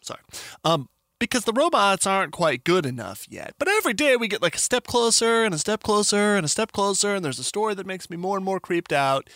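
A man's voice: sits high, sing-song, brisk, a bit bright, dry recording. A man hosting a tech news show, reading stories with sarcastic joking asides. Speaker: host. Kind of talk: casual tech news commentary.

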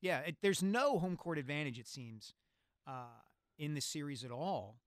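A man hosting a sports talk radio show, articulate and brisk, on a studio microphone. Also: on the high side, expressive, no room sound.

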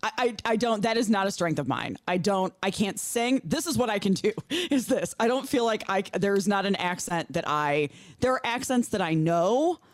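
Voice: mid-range voice, expressive, normal speed, few pauses, no room sound. A radio talk show co-host in casual banter, wry and teasing.

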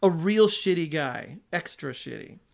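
A man's voice: a little high, lively intonation, measured pace, gravelly. A man hosting a podcast, recapping a film plot in a loose, rambling chat full of fillers and restarts. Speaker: podcast host.

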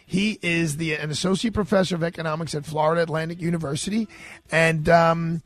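A man's voice: fairly high pitch, brisk, dry recording. A middle-aged man hosting a radio talk show, telling a story in a loose, chatty way and acting out the people he quotes. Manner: animated, acts out quoted voices. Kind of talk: casual storytelling monologue.

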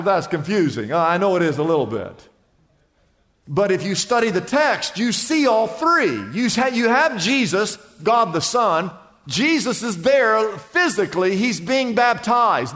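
Man, pastor, sermon, high pitch, animated, repeats himself, long reverb. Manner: animated preaching, repeats phrases, asks the congregation questions.

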